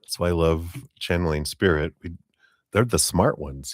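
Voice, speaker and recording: Low-voiced middle-aged man reading tarot. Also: animated, moderate pace, darkish tone, no echo, clean studio sound. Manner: rambling, with tag questions and chuckles. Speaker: tarot reader. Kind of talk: live-stream tarot reading.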